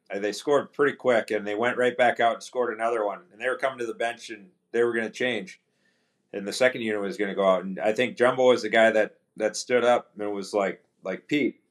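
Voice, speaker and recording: Low-voiced man telling a hockey story. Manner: relaxed anecdotal, quotes teammates in dialogue; frequent restarts and fillers. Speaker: podcast guest, pro hockey player. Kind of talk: casual storytelling.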